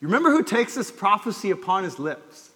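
In a church sanctuary, a male pastor preaches an earnest sermon, his fairly high voice climbing into emphatic calls before dropping low and soft. He is very animated and brisk with a breathy edge, and a long hall reverb trails every phrase.

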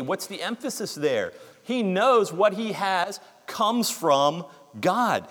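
A man's voice: sits high, animated, slow pace, a bit bright, big-room sound. A man preaching a sermon, reading scripture aloud with emphasis and explaining it earnestly.

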